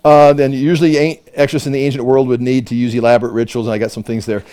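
A man teaching a Bible study, emphatic and animated, often repeating words as he works through a point. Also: mid-range voice, racing, few pauses.

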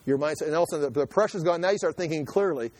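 A man giving conversational Bible teaching in an animated, joking way, acting out quotes and often restarting his sentences. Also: a little high, very fast, dry recording. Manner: animated, jokey, acts out quotes, frequent restarts. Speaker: preacher.

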